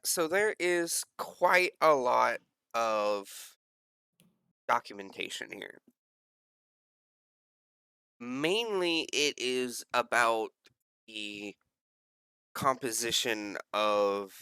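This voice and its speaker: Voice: medium pitch, bright, forceful tone, clear, resonant tone, dry recording. A game master narrating a tabletop role-play scene, rambling with lots of fillers and self-corrections.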